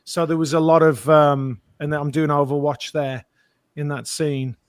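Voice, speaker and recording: A man, an actor guest, telling lively anecdotes in an interview and acting out the quotes. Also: fairly high pitch, unhurried, clean tone, no echo. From Britain. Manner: animated storyteller, acts out quotes.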